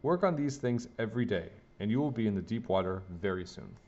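A patient swim teacher with a calm, encouraging manner, voiced by a man reading a storybook. His voice rises and falls with easy warmth of tone, on a slightly muffled recording. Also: fairly low pitch, fairly quick, slight background noise.

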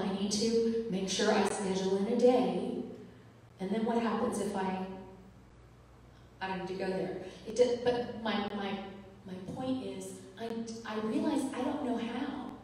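A woman's voice: a little high, a little hiss or hum. Earnest woman preaching in an echoey hall. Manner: earnest, confessional, repeats phrases for emphasis. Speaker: minister. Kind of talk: sermon. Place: church sanctuary. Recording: echoey hall, heard from far off.

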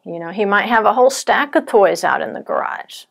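Gravelly-voiced woman teaching earnestly. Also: mid-range voice, lively intonation. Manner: earnest, measured, softens for quoted fears. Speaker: Bible teacher. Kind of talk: teaching talk with stories.

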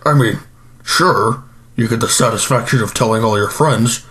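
A man's voice: mid-range voice, normal speed, a bit bright, natural voice. A man doing a groaning, bloated Lex Luthor. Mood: groaning regret. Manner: groaning, rambling, self-pitying. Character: overstuffed self-pitying male supervillain, groaning, immobile. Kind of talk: improvised comedy monologue.

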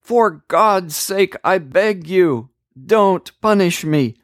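A man doing a shrill pleading demon voice. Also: animated, slow, no room sound, clean studio sound. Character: tormented demon-possessed man, frantic and pleading.

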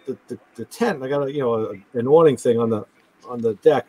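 A man's voice: a little fast, dark tone, breathy edge, dry recording, poor audio. A man chatting casually on a talk show, telling stories and acting out the lines of the people in them. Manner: storytelling, acting out quotes with pitch jumps. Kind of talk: casual chat.

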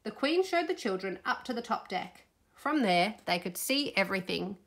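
A woman reading a children's storybook aloud in an expressive, playful way. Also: mid-range voice, moderate pace. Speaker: storybook reader.

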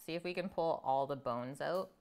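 A woman's voice: deep voice, moderate pace, darkish tone. A woman hosting a live cooking stream, chatting casually and reading out viewer comments as she tastes food at home. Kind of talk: casual chat while eating.

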